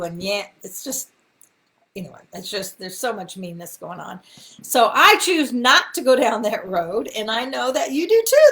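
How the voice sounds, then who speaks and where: A woman's voice: a little high, a bit bright. A middle-aged woman, hosting a live faith talk in a folksy, encouraging way with many ums and asides. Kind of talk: casual live-stream teaching.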